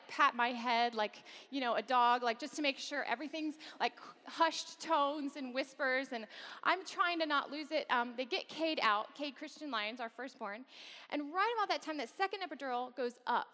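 A woman's voice: high-pitched, pushed and bright. A woman guest speaker at a campus worship service, telling a personal story candidly with wry, self-deprecating humor. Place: large worship hall. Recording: long reverb of a large hall.

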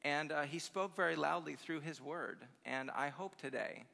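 A guest speaker at a college chapel conference preaches a sermon packed with personal stories, upbeat, effusive and often chuckling. His fairly high voice is bright, forceful and gravelly, at a moderate pace, with the long reverb of a big hall around it.

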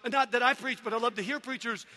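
A man giving an energetic sermon testimony to a crowd, animated and often shouting. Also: extremely high pitch, fast talker. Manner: animated, shouting, mimicking people. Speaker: preacher. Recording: long hall reverb.

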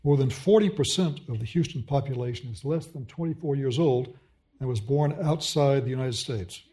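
A man's voice: medium pitch, normal speed, warm tone. A man with a mild Austin, Texas accent, a professor putting questions in an onstage conversation and telling stories fluently with dry wit. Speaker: professor and interviewer.

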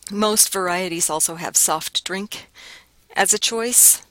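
A woman lecturing to a class, taking her time and sounding out example words so listeners can hear the differences. Her voice sits a little low, and the recording is dry and close with no room sound. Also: slow, fairly bright tone, dry recording, poor audio. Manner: explanatory, demonstrates vowel pronunciations aloud. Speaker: linguistics lecturer.

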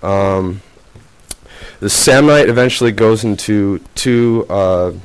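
Low-ish voiced guy doing a class presentation, lots of ums and uhs. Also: slow, clear, resonant tone. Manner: hesitant, many fillers. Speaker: student presenter.

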